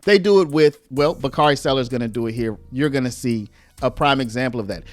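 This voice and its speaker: A man's voice: mid-range voice, brisk, no room sound. A man giving argumentative commentary on played clips, explaining step by step with rhetorical asides.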